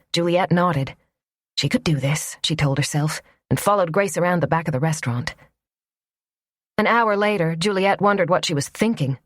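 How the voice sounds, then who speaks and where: A woman narrating a romance audiobook in a measured, even storytelling manner. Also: fairly low pitch, no echo, clean studio sound. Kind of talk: scripted narration.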